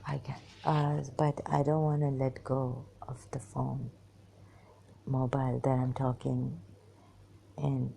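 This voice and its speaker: An exhausted woman talking into a hand-held phone in a halting, hesitant way, often slipping into whispers. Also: extremely low pitch, level tone, creaky, mellow, a little hiss or hum. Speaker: vlogger. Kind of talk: personal monologue to camera.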